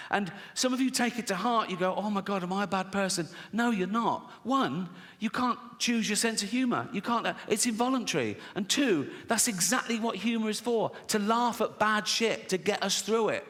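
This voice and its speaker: Brash comedian in a big hall. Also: male voice, high voice, a bit bright. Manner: brash, swearing, acts out characters in silly voices. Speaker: stand-up comedian. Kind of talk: stand-up comedy set. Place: large theatre stage with a live audience. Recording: long hall reverb, faint crowd.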